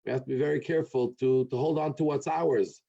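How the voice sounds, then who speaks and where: An earnest rabbi closes an evening talk with a halting, filler-filled telling of a story. His voice is dark and mellow. The recording sounds dull and muffled. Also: medium pitch, steady tone, gravelly. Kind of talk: closing remarks and a told joke at a talk.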